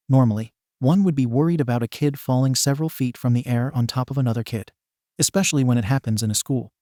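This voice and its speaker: A man's voice: medium pitch, warm tone, no room sound, clean studio sound. A man narrating a comic story in a wry, playful way.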